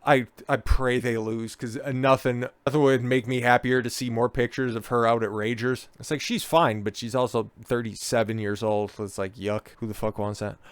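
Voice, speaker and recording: A man's voice: medium pitch, steady tone, moderate pace, hardly any pauses, clean tone, dry recording. A young man ranting sarcastically and crudely about public figures, with mocking asides. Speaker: political commentary host. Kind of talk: casual rant commentary.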